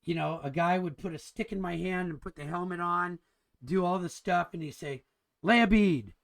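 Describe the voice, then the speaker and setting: A man's voice: sits high, steady tone, normal speed, gravelly, a bit bright. A man teaching an engineering drafting class in a casual, chatty lecture, enthusiastic and rambling with frequent restarts. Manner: enthusiastic and chatty, keeps calling things cool.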